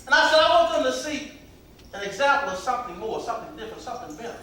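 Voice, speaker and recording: A high, bright-voiced man preaches to young people in a loose, conversational way, acting out the voices of people in his stories. He is heard from some distance in a very echoey hall, with faint noise underneath. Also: animated, rapid-fire. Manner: conversational preaching, acts out quotes. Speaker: youth pastor. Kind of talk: preaching to youth.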